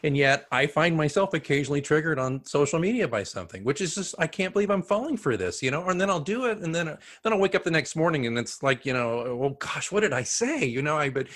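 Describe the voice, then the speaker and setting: A man's voice: fairly high pitch, animated, fast, few pauses, a bit bright. Rambling man hosting an interview. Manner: rambling, many restarts and "you know". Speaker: host, communications advisor. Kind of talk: interview hosting, casual chat.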